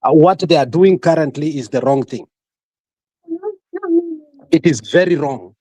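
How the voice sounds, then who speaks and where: A male panelist with a Kenyan accent argues insistently in a heated livestream debate, talking over others and moving between English and Swahili. His voice sits on the high side with a darkish tone, his pace is measured, and there's no echo.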